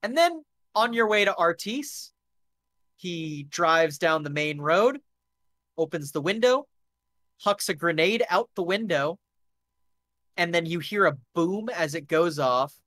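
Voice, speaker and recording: A man narrates a live tabletop game as game master in a casual, loose way, correcting himself as he goes. His voice is a little high and bright, and the close mic leaves it dry. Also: lively intonation, takes it slowly, pauses often, no echo.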